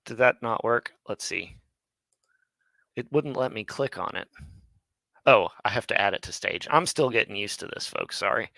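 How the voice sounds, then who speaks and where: A man's voice: lowish voice, animated, moderate pace, gravelly, long pauses, pushed and bright, dry recording. A man hosting a live online Hebrew lesson. He thinks aloud and corrects himself mid-sentence.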